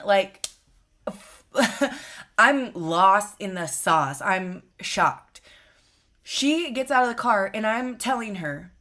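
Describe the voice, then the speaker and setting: A woman's voice: medium pitch, lively intonation, extremely slow, fairly bright tone. A woman in her twenties telling a storytime to her channel, blunt and profane, exasperated as she retells it. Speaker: vlogger. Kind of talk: storytime monologue.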